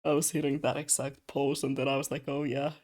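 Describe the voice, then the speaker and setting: Young adult streamer, casual chat, animated storytelling, rambling asides, laughs a lot, middle pitch. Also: fast. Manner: rambling, many fillers and asides. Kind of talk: casual chat while drawing.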